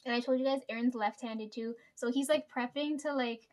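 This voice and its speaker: A woman with a slightly high voice tells stories about her coworkers in a loose, rambling way. She swears freely and fills the gaps with fillers and little laughs. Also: fairly even intonation, a little fast, darkish tone. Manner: chatty, swears a lot, frequent fillers and laughs. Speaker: vlogger telling work stories. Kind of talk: casual storytime chat.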